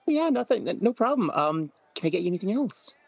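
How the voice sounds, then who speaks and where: A man's voice: high voice, sing-song, vocal fry, no echo, voice pushed up, exaggerated voice. A man playing a flustered young innkeeper woman. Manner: hesitant, halting, full of ums. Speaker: game master. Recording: dull, dry recording.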